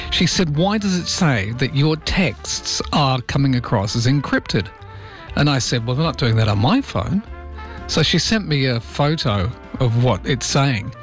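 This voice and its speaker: A chatty man runs a morning show monologue, loose and conversational, with dry asides. His voice sits at an ordinary middle pitch. The sound is close and dry, with no room around it. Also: no room sound. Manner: chatty, wry, mock-dramatic asides. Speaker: show host.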